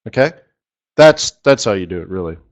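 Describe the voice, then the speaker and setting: A man's voice: on the low side, expressive, brisk. A middle-aged man hosting a live forex strategy session, rambling and repeating words for emphasis. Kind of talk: live trading webinar talk.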